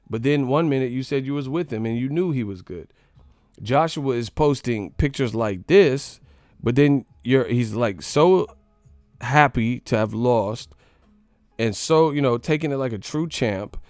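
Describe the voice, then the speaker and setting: A man's voice: medium pitch, darkish tone, dry recording, studio quality. Heated man ranting on a live stream. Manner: heated, mocking, slangy, repeats points. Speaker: boxing commentary channel host.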